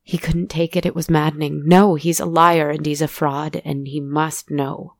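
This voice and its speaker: A woman narrating a story in a soft, deliberate way. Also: low-pitched, level tone, gravelly, no room sound, studio quality.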